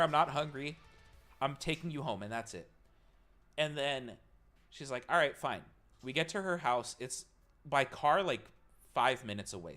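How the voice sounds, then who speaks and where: A young man streaming to his live chat, telling a story in a casual, swearing way and breaking into loud mock panic. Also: mid-range voice.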